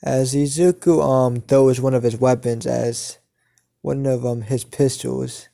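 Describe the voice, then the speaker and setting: A man improvising a fan story as narrator, halting with many ums and restarts. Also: medium pitch, fairly even intonation, vocal fry, warm tone.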